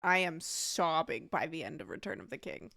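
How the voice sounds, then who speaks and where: A woman's voice: sits low, animated, moderate pace, creaky, pushed and bright, no room sound, studio quality. A woman reacting to an anime in a casual vlog, chatty and emotional, with many fillers and restarts.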